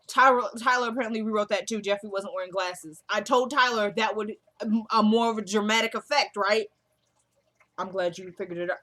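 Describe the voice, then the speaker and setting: Bright-voiced chatty woman recapping a show. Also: mid-range voice, fairly even intonation, a little fast. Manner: chatty, jokey, acts out lines from the show. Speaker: TV episode recapper. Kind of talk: casual recap vlog.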